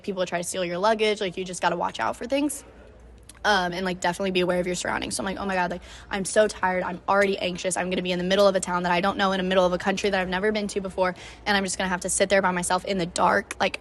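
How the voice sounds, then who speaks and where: Fast-talking young woman telling a story. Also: mid-range voice. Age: young adult. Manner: chatty, emotional, heavy use of "like". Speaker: podcast host. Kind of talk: casual solo storytelling.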